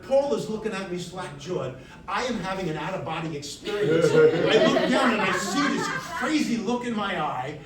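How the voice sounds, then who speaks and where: A middle-aged man telling a comic personal story on stage, wry and animated, with the audience laughing. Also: sits high, normal speed, crowd noise. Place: stage before a live audience. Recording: echoey room, distant mic, audience.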